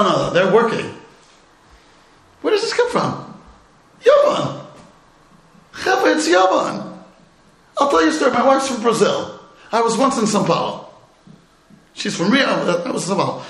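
In an echoey room, a middle-aged man leads a class as a rabbi, giving a Torah talk built on funny stories and rhetorical questions. His voice sits high with a fairly bright tone.

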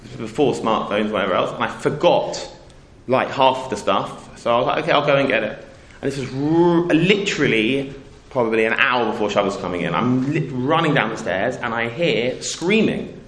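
A man's voice: mid-range voice, expressive, moderate pace, fairly bright tone. Rambling man telling a story in a roomy space. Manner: rambling, self-interrupting, acts out quoted voices. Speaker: storyteller speaking to a community audience. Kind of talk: casual anecdotal talk with a moral. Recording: roomy echo.

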